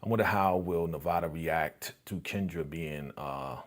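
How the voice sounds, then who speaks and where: A man's voice: deep voice, unhurried. A young man hosting a live reaction stream, retelling scenes animatedly and answering viewer comments in casual chat. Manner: animated retelling of scenes, acting out characters' lines.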